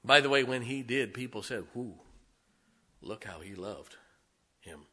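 A middle-aged man preaching a sermon as pastor, swinging between loud, emphatic lines and quiet, hushed ones. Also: mid-range voice, expressive, unhurried, husky.

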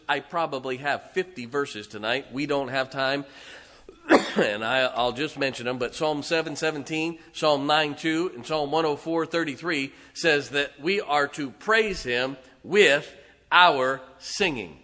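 A man, preaching emphatically as a pastor and now and then singing slowly. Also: fairly high pitch, pushed and bright. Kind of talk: sermon. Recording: reverberant church hall.

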